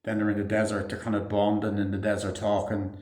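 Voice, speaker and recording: A man's voice: on the low side, completely flat delivery, quick pace, a little mellow. Rambling man in an echoey room. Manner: rambling, filler-heavy, swears freely. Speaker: movie reviewer. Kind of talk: casual spoken film review.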